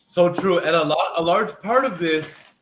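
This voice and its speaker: A man hosting a live video call, coaching in a casual, animated way and repeating phrases for emphasis. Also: a little high, moderate pace, echoey room. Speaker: host and sales coach.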